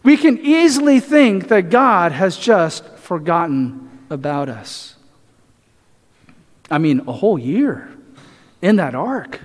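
A man's voice: high-pitched, big pitch swings, takes it slowly, pauses often. A male pastor preaching a sermon, asking the congregation rhetorical questions and often adding "right?". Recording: echoey hall reverb.

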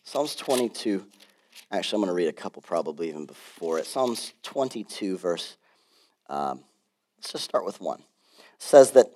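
A man pastor preaching a sermon in an animated, conversational way, with frequent asides. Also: low voice, normal speed, long pauses.

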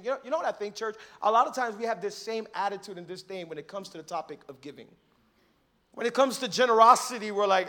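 A man, a pastor, preaching a sermon in a joking, animated storytelling way and acting out quoted voices. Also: sits high, fast.

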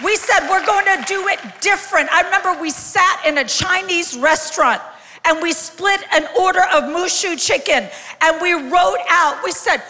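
A woman in her sixties giving a lively, joking live sermon as a guest speaker, calling out to the congregation in a large church. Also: extremely high pitch, normal speed. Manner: lively, joking, calls out to the crowd. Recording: long hall reverb from a live church.

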